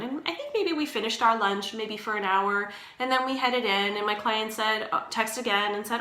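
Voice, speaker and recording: Bright-voiced woman in an echoey room. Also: fairly high pitch, moderate pace, hardly any pauses. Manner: conversational, reassuring, often checks in with "right?". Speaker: doula and doula trainer. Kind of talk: casual advice vlog.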